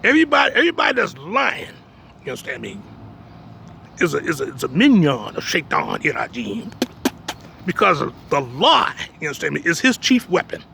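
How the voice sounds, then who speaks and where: A man's voice: on the high side, wildly swooping pitch, moderate pace, gravelly, bright, forceful tone, a little hiss or hum. A man preaching in a blunt, emphatic way. He keeps asking "you understand me?" and drops streetwise jokes between points. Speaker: religious teacher. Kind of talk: preaching talk.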